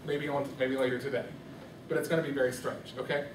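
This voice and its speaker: A man's voice: medium pitch, flat delivery, fast talker, slight background noise. A man teaching a music lesson to a classroom, asking students questions and coaxing answers. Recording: echoey classroom from far off.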